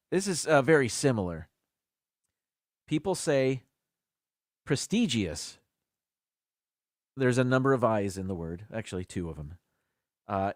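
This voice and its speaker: A man's voice: mid-range voice, dry recording, clean studio sound. A man hosting a casual live stream by himself, chatting as he thinks aloud. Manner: chatty, muses aloud about word pronunciations.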